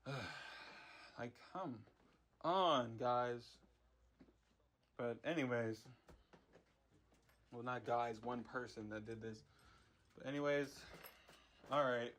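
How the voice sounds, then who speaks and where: In this casual ranting vlog, a young man who makes MUGEN game characters speaks in a mid-range, fairly bright voice at a slow pace with frequent pauses. He rambles in frustration, full of slang and repeated words.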